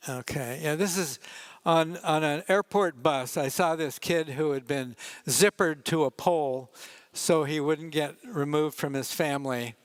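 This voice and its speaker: An older photojournalist gives a conference talk, sharing wry, easygoing anecdotes about his photos and making asides to the audience. His voice is fairly high, clear and resonant, a little slow, and the recording is dry.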